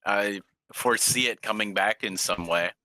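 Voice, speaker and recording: A man's voice: lowish voice, moderate pace, pushed and bright, no echo, rough recording. A young man in a casual podcast chat, giving brief laid-back remarks. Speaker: podcast co-host.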